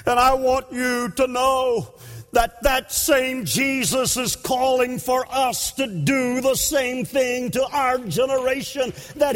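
A man preaching a sermon at an evening service, impassioned and breaking into shouts for emphasis. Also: very high voice. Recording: long hall reverb.

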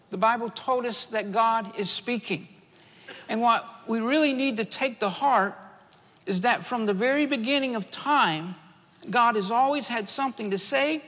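A man's voice: high voice, sharp tone. A man preaching a sermon to a congregation, earnest and full of rhetorical questions. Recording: echoey church hall reverb.

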